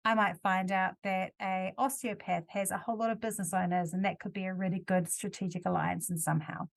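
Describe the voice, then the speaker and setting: A woman's voice: mid-range voice, fairly even intonation, a little fast, gravelly. Woman hosting a chatty solo podcast. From New Zealand. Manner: conversational, self-correcting, gives examples. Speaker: podcast host.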